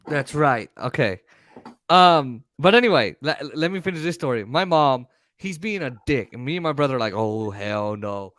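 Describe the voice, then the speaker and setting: Casual podcast co-host, male, slightly high voice, bright and lively, profane and animated. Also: normal speed, no echo. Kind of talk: casual storytelling chat.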